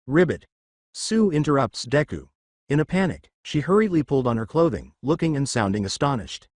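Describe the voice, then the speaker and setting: Lively male fanfic narrator. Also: medium pitch, normal speed, dry recording, studio quality. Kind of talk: fanfic story reading.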